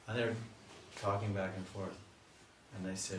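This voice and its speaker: A man, a swami, telling a devotional story in a slow, lingering sermon style. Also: sits low, level tone, background noise. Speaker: swami giving a spiritual talk. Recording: echoey room, mic far off.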